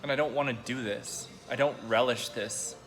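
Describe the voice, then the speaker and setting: A young man talks straight into his own camera, his voice catching as he stays on the edge of tears. He speaks in a halting way, full of pauses and fillers, at a medium pitch. Soft music plays faintly behind him. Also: steady tone. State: choked up. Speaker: vlogger. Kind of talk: personal video diary.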